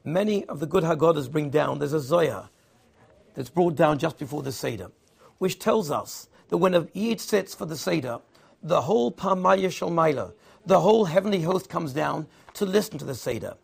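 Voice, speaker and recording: A man's voice: fairly high pitch, lively intonation, normal speed, creaky, a little mellow, breathy edge. A man giving a Torah sermon in English, weaving Hebrew and Yiddish terms into his teaching. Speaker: rabbi giving a Torah talk.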